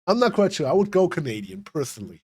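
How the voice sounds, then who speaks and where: A man's voice: on the high side, big pitch swings, fast talker, a little mellow, breathy edge, dry recording. A young man streaming a game, chatting casually with viewers, rambling and swearing freely. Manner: swearing, rambling, talking to chat. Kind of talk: casual livestream commentary.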